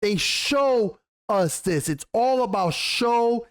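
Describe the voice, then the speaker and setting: A man giving a casual, excited review of a TV episode, rambling and swearing casually as he goes. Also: extremely high pitch, slow. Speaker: TV show reviewer.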